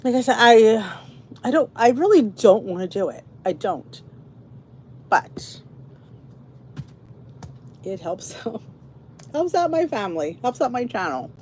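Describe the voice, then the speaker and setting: A woman's voice: fairly high pitch, very animated, takes it slowly, long pauses, darkish tone, a little hiss or hum. A middle-aged woman from the Philadelphia area with a Philly accent, hosting a podcast in a rambling, casual chat to her viewers. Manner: chatty, rambling, frequent restarts and asides. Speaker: podcast host.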